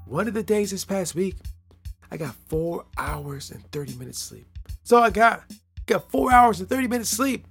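A man's voice: high-pitched, creaky, fairly bright tone. A man hosting a casual solo podcast, playful and rambling, repeating phrases and laughing at his own jokes. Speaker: podcast host.

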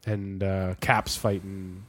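A man co-hosting a podcast, talking in an excitable way with many fillers and restarts. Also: sits low, takes it slowly. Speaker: podcast co-host. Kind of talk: casual chat.

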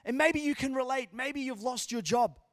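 A man's voice: extremely high pitch, normal speed, fairly bright tone, no room sound, clean studio sound. A man preaching a sermon as a pastor, earnest and emphatic, repeating his phrases.

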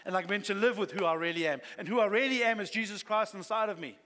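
A man's voice: sits high, very fast, bright, forceful tone. A man pastor preaching a sermon to his church, earnest and building to fervent exhortation. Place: church hall. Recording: long reverb of a church hall.

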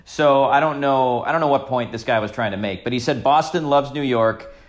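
A man's voice: mid-range voice, fairly quick. A man co-hosting a podcast, recounting a story in a laid-back way with frequent fillers. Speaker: podcast co-host. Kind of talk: casual chat.

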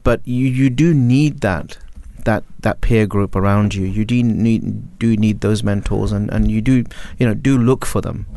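A man on a discussion panel speaking in a reflective, philosophical and measured way. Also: lowish voice, warm tone, no room sound. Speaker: panel guest.

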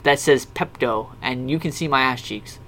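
A man's voice: mid-range voice, normal speed, vocal fry, a little hiss or hum. A young man co-hosting a casual podcast chat, joking and laughing often. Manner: joking, laughs a lot, loud bursts. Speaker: podcast co-host.

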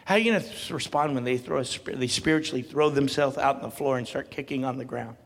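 A man preaching a sermon as pastor, swinging from quiet talk to loud, emphatic calls and laughing often. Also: mid-range voice, fast, gravelly, in a large hall.

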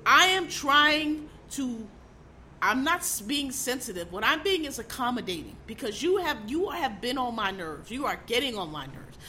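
A woman's voice: on the high side, very animated, fairly quick, hardly any pauses, pushed and bright, slight background noise. A middle-aged woman ranting casually as a host, blunt, profane and exasperated, hammering her points by repeating them. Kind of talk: casual opinion rant.

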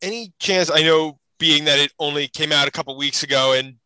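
A man's voice: fairly high pitch, fairly quick, bright, forceful tone, clear, resonant tone, no echo, poor audio. A man hosting a casual interview, chatty and wry. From United States.

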